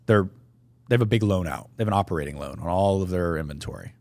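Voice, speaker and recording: A man's voice: deep voice, fast talker, gravelly, a little mellow, dry recording. A man co-hosting a podcast, explaining in casual, matter-of-fact chat with some swearing. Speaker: podcast co-host.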